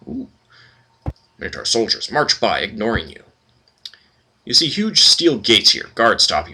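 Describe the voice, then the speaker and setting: A man's voice: medium pitch, wildly swooping pitch, unhurried, pauses often, sharp tone, breathy edge. A man hosting a let's play, reading game text aloud and commenting casually with wry asides.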